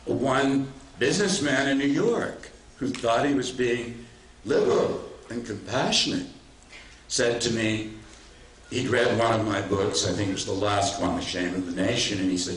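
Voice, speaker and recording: Older man, low voice, storytelling lecturer, roomy hall, heard from a distance. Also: normal speed, slight background noise. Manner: storytelling, warm anecdotal delivery with self-deprecating humor. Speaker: author giving a talk. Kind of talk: public lecture with anecdotes.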